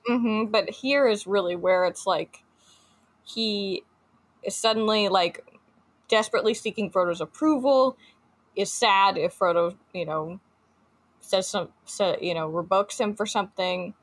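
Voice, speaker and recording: A woman's voice: mid-range voice, measured pace. A woman co-hosting a podcast in casual chat, talking with many fillers and restarts and reading book passages aloud. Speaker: podcast co-host.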